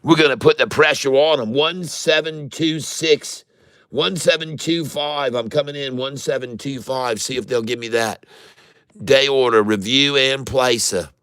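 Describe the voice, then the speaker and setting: Unhurried, bright-voiced joking trader. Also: male voice, medium pitch, smooth. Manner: joking, rambling, showman asides to viewers. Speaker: day trader streaming to viewers. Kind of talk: live trading commentary.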